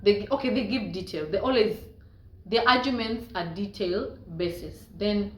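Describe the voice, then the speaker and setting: A woman's voice: medium pitch, moderate pace. A Ugandan woman with a Ugandan accent, chatting playfully to camera as a vlogger and laughing often. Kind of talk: casual commentary to camera. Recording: echoey room with faint ambient noise.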